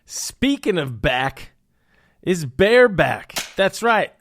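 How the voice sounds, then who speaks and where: A man's voice: sits high, big pitch swings, takes it slowly, over loud music. A young man hosting a podcast, riffing on news with puns and hyped, jokey asides. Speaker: podcast host. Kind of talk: comedic news commentary.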